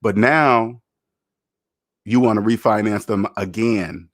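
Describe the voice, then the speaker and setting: Emphatic low-voiced man lecturing on finance. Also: normal speed, long pauses. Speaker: personal finance YouTuber. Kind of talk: casual livestream commentary.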